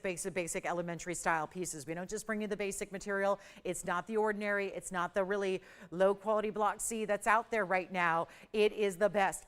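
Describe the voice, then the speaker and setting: A middle-aged woman hosting a live TV jewelry sale, pitching in an upbeat, persuasive and urgent way. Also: smooth. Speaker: shopping channel host. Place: TV studio.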